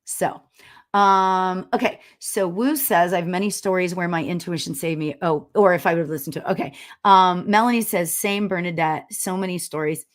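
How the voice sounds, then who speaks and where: A middle-aged woman hosting a live stream as a spiritual medium, chatting casually and telling stories loudly with lots of laughs and "you know?". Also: lowish voice, normal speed. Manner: loud, animated storyteller with frequent laughs and "you know?". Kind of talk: casual livestream chat reading viewer comments.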